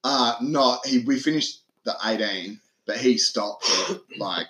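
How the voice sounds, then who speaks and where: A young man telling a story on a casual podcast. He talks in a lively way, swears a lot and acts out what people said loudly. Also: medium pitch, a little slow. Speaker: podcast host. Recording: echoey room.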